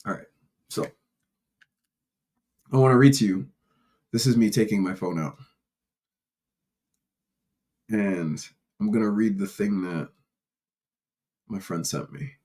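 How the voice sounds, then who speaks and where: Candid rambling man with a lowish voice. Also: a little slow, long pauses, a little mellow. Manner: rambling, candid storytelling with frequent restarts; uses profanity casually. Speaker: podcast host. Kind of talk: casual solo podcast monologue.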